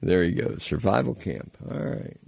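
A man's voice: fairly low pitch, big pitch swings, normal speed, vocal fry, a little mellow, breathy edge, no room sound, studio quality. A man hosting a call-in radio show, chatting casually and rambling with lots of fillers. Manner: easygoing, rambling with many fillers.

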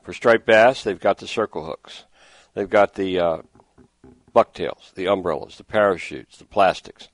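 Male radio host, middle-aged, low voice, dry studio sound, chatty rambler. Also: a little slow, no room sound. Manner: rambling, exasperated storytelling. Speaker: radio fishing show host. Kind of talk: casual radio talk. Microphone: studio microphone with headphones.

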